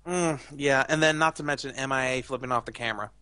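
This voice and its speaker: A man's voice: medium pitch, quick pace, sharp tone, smooth, no echo. A young man co-hosting a casual chat, rambling and opinionated with lots of fillers. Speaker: podcast co-host.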